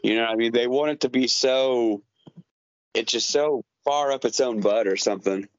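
A man guesting on a podcast, hesitant and hedging, often stopping to correct himself. His voice sits at an average pitch. The sound is dry and close, with a dull, lo-fi quality. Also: moderate pace, dry recording. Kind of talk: casual podcast chat.

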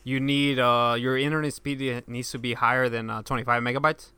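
A man co-hosting a casual gaming podcast, chiming in with quick agreements and rumors. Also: mid-range voice, level tone, sharp tone, clean tone, dry recording. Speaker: podcast co-host.

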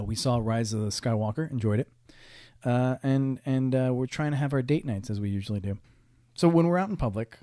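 A young man holding forth on his podcast, wry and swearing freely as he rambles through stories with plenty of restarts. His voice sits at an ordinary middle pitch. The sound is close and dry, with no room around it. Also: warm tone, dry recording. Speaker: podcast host. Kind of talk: casual storytelling monologue.

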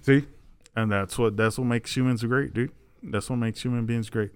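Cussing podcast guy telling a wild story, mid-pitch, gets big and loud doing other people's lines. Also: normal speed, smooth. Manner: animated, acts out quoted lines loudly; heavy swearing, says dude a lot. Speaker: podcast co-host. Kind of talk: casual profane storytelling.

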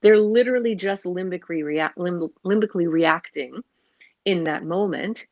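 A woman speaking about parenting in an earnest, animated, conversational way, sometimes acting out the voices of parents and children. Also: fairly low pitch, normal speed, no room sound, lo-fi sound. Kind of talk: casual conversational explanation.

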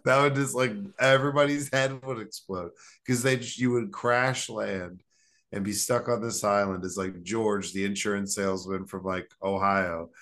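A young man with a fairly low voice, talking loosely and rambling as he spins goofy hypotheticals. He laughs often and keeps a casual podcast-banter tone. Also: fairly even intonation, normal speed, fairly bright tone. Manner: rambling, laughing, riffing on silly scenarios. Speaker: podcast co-host.

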